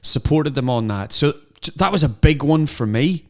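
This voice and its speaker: A middle-aged man co-hosting a podcast, telling animated anecdotes in casual chat. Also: fairly high pitch, moderate pace. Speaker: podcast co-host.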